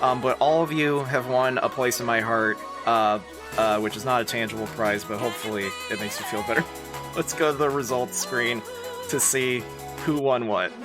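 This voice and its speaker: A live streamer chatting casually, excitable and prone to giggling while commenting. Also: mid-range voice, moderate pace. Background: music playing.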